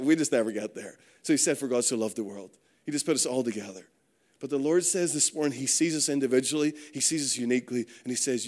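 A man preaching a conversational sermon, letting his voice drop low and quiet on key points. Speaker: pastor.

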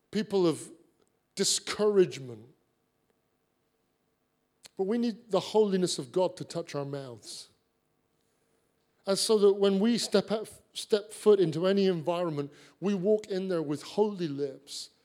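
Guy preaching, high voice, earnest, tells stories with lots of repeating. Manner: earnest, animated storyteller with repeated phrases. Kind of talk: sermon with storytelling.

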